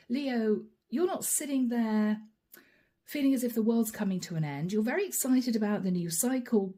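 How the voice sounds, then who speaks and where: A woman's voice: on the high side, dark tone. A woman giving a channeled tarot reading, chatting straight to her viewers and laughing often. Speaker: tarot reader.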